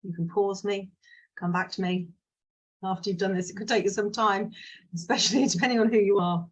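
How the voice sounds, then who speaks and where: Speaking a little fast in a steady, mid-range voice with a breathy edge, this woman is a business mindset coach. She chats frankly and casually with her viewers, often digressing into side stories.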